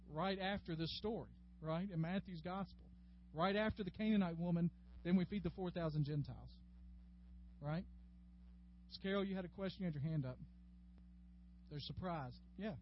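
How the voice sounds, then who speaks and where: A man leads a Bible class in a chatty, folksy way, his voice sitting fairly high for a man. The recording is dull and lo-fi, with a faint hum in the room behind him. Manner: folksy and chatty, addressing class members by name. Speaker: Bible study teacher. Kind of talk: conversational Bible class teaching. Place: classroom with a group.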